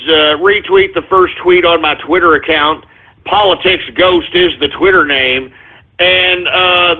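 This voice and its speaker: A high-voiced man hosts a talk radio show, firing off a profane, exasperated rant that keeps jumping into shouts. The sound is thin and tinny, like it comes over a phone line. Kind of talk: ranting talk radio monologue.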